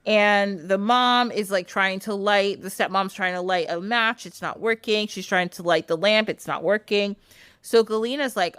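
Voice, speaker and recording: A woman podcast host casually retelling a folk tale, animated, laughing often and using "like" a lot. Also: medium pitch, moderate pace, smooth, no room sound. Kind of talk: casual storytelling.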